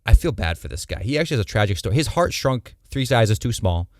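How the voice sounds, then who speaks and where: A man's voice: mid-range voice, big pitch swings, fast, dry recording, clean studio sound. A young man co-hosting a podcast, chatting casually and jokingly, full of slang and fillers. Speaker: podcast co-host. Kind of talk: casual chat.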